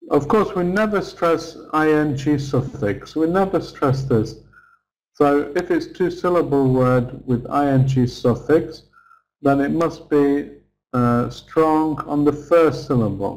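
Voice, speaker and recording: Slow, patient male English teacher. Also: a little high, low-quality recording. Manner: slow, patient, stretches words to model sounds. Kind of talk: online pronunciation lesson.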